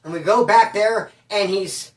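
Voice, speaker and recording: A man's voice: high-pitched, unhurried. A man telling a prison story in a loose, slangy way, acting out the people he quotes. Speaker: storyteller recounting prison life. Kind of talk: casual spoken storytelling. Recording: echoey room, voice from a distance.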